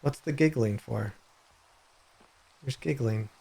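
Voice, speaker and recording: A man live-streaming a game, rambling and hesitant, then bursting into excited high-pitched reactions. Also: slow, creaky, husky. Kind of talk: live gameplay stream chat.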